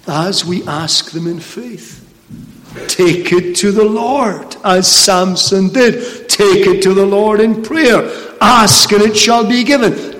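A male preacher with a fairly high voice delivers an emphatic, rhetorical sermon. He slows right down to stress his points. His voice carries a long reverb through a church hall. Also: a bit bright.

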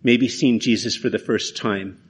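A man's voice: fairly low pitch, fairly even intonation, measured pace, husky. A man preaching a sermon in an earnest, conversational way, often restarting his phrases. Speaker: pastor.

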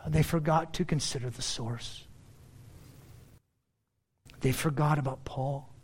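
A man preaching an expository sermon as a pastor, swinging between loud emphatic lines and quiet asides. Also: on the high side, takes it slowly, breathy edge.

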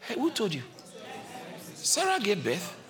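A man preaching a sermon in a church, exhorting and repeating his point, moving from low calm passages to shouted peaks. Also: a little slow, heavy background noise. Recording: live church crowd responding.

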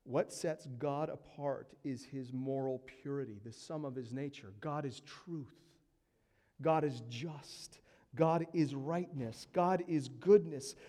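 A man's voice: medium pitch, slow pace. Emphatic preacher man in a reverberant hall. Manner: emphatic preaching, swinging from hushed to loud. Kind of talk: sermon.

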